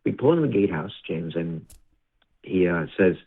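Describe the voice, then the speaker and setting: Low husky man on a tinny line. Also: expressive, moderate pace. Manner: acts out his father's lines in a raised voice; tearful, voice drops low on sad moments. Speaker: interview guest. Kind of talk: emotional personal storytelling.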